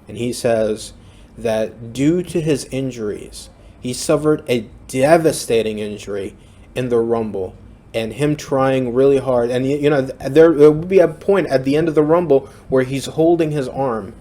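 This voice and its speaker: A young man talks through his ideas in a casual solo commentary. He rambles and restarts his sentences often. His voice sits at an ordinary middle pitch. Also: moderate pace, mellow. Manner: rambling, frequent restarts and fillers. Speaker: fantasy booking commentator.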